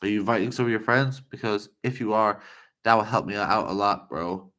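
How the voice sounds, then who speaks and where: A man from the United States chatting casually to viewers on a live stream, rambling and excitable. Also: fairly low pitch, a little fast.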